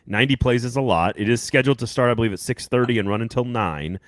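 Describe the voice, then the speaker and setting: A man hosting a sports podcast, talking quickly in a loose, rambling way and cracking jokes with his co-host. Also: mid-range voice, no room sound, studio quality. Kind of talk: casual sports chat.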